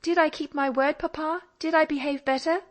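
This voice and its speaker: A woman's voice: high voice, brisk, voice pushed up, natural voice. A woman voicing an earnest, teasing young woman who pleads with and scolds her father in an audiobook. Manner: lively, pleading and mock-indignant. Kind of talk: audiobook character reading.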